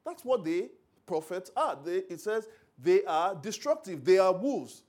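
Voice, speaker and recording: Lively man preaching. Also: high-pitched, a little slow. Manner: animated storytelling preacher, shifts between loud emphasis and quiet asides. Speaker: pastor. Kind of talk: sermon.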